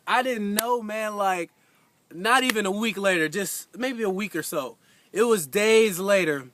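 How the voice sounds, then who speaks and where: High, bright-voiced young man telling a story. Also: normal speed, no echo. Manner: casual, filler-heavy, animated retelling. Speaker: husband giving an anniversary message. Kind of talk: heartfelt personal storytelling.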